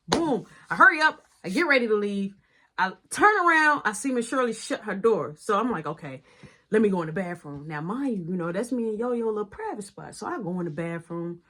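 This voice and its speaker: Animated woman telling a story. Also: medium pitch, fairly quick. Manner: animated, acts out every quoted voice. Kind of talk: casual storytime narration.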